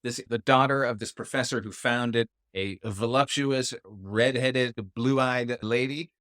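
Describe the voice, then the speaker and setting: A man of middle pitch talks through a film in relaxed podcast chat, rambling along and now and then jumping into loud, high exclamations. His voice sits close and dry, with no room around it. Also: a little slow, dry recording. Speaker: podcast co-host. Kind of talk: casual chat.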